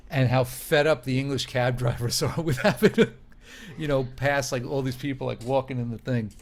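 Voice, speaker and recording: Animated American man telling stories. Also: mid-range voice, moderate pace. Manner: animated storyteller who acts out quoted voices. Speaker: podcast guest telling stories. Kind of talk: casual chat.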